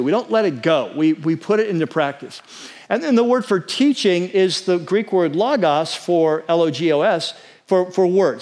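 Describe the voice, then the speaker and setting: Man, pastor, sermon, high voice, earnest, conversational, slows to stress words. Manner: earnest and conversational, often checking in with "right?"; spells out words and slows for emphasis.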